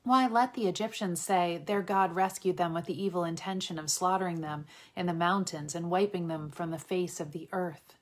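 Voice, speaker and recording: A woman reading a scripture passage aloud in a steady, measured way, lightly voicing the quoted speech. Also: on the low side. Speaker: Bible reader.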